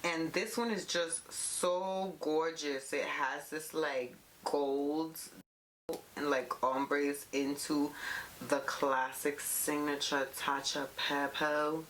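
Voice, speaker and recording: A woman's voice: sits low, slow pace. A young woman beauty vlogger gushing playfully through a casual unboxing at home, talking to her viewers. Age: young adult. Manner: gushing and playful, calls viewers "you guys". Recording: steady background noise and clicks.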